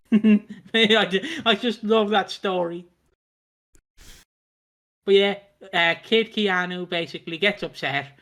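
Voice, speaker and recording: A man's voice: high voice, takes it slowly, pauses often, a bit bright. A man hosting a podcast, chatting in a rambling, sweary, giggly way. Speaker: podcast host. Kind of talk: casual chat recapping a soap.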